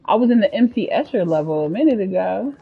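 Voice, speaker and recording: A chatty, expressive woman with an African American English accent, giving casual commentary on a video game to her viewers. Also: medium pitch, fast talker, vocal fry, narrow, tinny audio. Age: adult. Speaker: gaming streamer.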